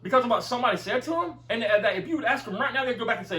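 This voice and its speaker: A man's voice: very high voice, very fast, pushed and bright, echoey room, recorded from a distance, low-quality recording. A man telling a heated, profane story in casual chat, recorded away from the mic in a room. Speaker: video commentator.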